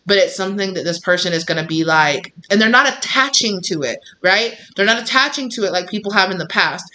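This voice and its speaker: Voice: mid-range voice, sharp tone, slight background noise. A tarot reader channeling a reading for viewers in a loose, rambling way, full of "like" and acted-out snippets of the people in the cards. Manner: rambling, lots of "like", acts out voices of the people in the reading.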